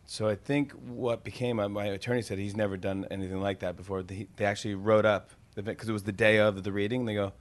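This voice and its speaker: A man, a comedian and TV host, telling animated stories and laughing often in a casual interview. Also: lowish voice, fast, hardly any pauses.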